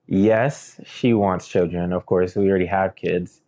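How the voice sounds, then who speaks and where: A man's voice: low-pitched, steady tone, unhurried, dark tone. Laid-back young man co-hosting. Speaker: podcast co-host. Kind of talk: casual chat.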